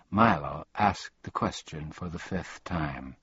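A man narrating an audiobook in an unhurried, expressive storytelling manner, on a slightly dull, dry recording. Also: a bass voice, breathy edge, no room sound. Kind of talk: audiobook reading.

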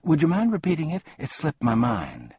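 A man's voice: fairly high pitch, wildly swooping pitch, moderate pace, a little mellow, breathy edge, no echo, highs cut off, voice pushed up, heavily acted. A man playing a pompous, scatterbrained ordinary man. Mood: cheery, rambling.

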